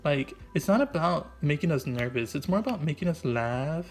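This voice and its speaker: A man's voice: fairly high pitch, lively intonation, normal speed. A man doing an improvised comic voice-over, rambling and goofy, packing his talk with "like" and "right?". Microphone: voice-over mic.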